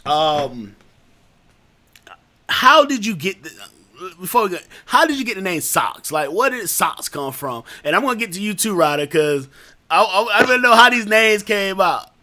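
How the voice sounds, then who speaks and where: A man's voice: high-pitched, big pitch swings, moderate pace, bright, forceful tone. A man hosting a casual podcast chat, laughing often and telling stories with animation. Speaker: podcast host.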